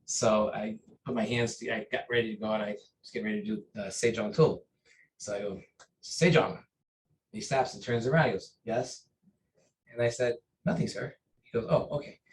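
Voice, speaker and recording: A man recounting memories of his teacher in an interview, earnest and halting, with many fillers and restarts. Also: mid-range voice, poor audio. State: briefly choked up. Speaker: interview guest, taekwondo master. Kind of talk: conversational storytelling.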